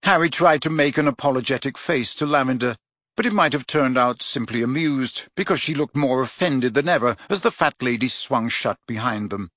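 A man narrates an audiobook from a script, telling the story expressively. His medium-pitched voice moves at a moderate pace, recorded with clean studio sound and no room sound.

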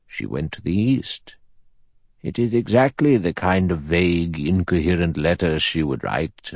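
A man voicing an elderly male judge in an audiobook, cold, precise and measured in delivery. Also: a bass voice, vocal fry, breathy edge, no echo, studio quality, full character voice. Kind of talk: audiobook character reading.

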